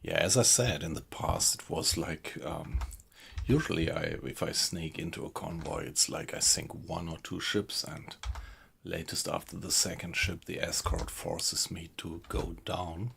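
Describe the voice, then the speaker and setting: A man's voice: low-pitched, steady tone, unhurried, creaky, fairly bright tone, a little hiss or hum. A man with a German accent, chatting casually to viewers while streaming a video game. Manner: chatty, thanks viewers, laughs often. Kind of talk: casual live-stream commentary.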